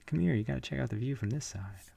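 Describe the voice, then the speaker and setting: A man's voice: medium pitch, lively intonation, quick pace, creaky, mellow, pitched above the performer's own voice. A man voicing a chatty young man who shows off his new apartment in a casual, boastful way.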